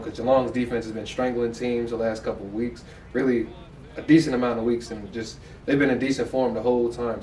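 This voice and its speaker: A man's voice: medium pitch, darkish tone, a little hiss or hum. An American man co-hosting a sports podcast, breaking down a game in candid, loose, profane chatter. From United States. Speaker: podcast co-host. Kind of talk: casual sports analysis chat. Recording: echoey room, mic far off.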